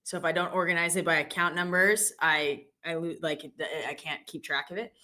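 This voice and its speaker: A woman hosting a live trading stream, chatty and joking with quick asides. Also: lowish voice, little pitch movement, pushed and bright. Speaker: live-stream host trader. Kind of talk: casual live-stream chat.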